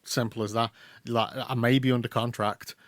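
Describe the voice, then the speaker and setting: A man with an English accent co-hosting a podcast, chatting casually and acting out quotes in quick bursts. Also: medium pitch, level tone, dry recording. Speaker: podcast co-host. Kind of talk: casual chat.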